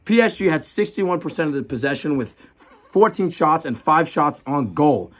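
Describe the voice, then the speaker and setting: A man hosting a casual podcast, talking loudly and excitably, swearing a lot as he banters with friends. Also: a little high, a little fast. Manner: loud, profane, excitable. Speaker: podcast host.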